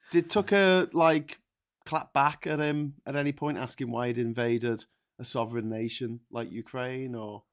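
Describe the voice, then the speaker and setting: A man's voice: medium pitch, measured pace, clear, resonant tone. A man co-hosting a casual political chat, making exasperated, sarcastic asides.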